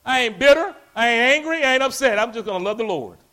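A man preaching a sermon, animated, acting out quoted voices and breaking into shouts. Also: extremely high pitch, quick pace.

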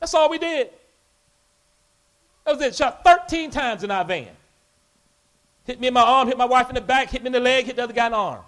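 A man preaching a sermon, animated, acting out quoted voices and breaking into shouts. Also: extremely high pitch, a little fast, pauses often.

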